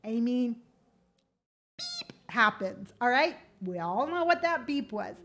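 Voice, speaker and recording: An older woman chatting frankly to camera as a vlogger, giving tattoo advice with quick asides and playful quoted voices. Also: on the high side, very animated, a bit bright. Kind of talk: casual chat to camera.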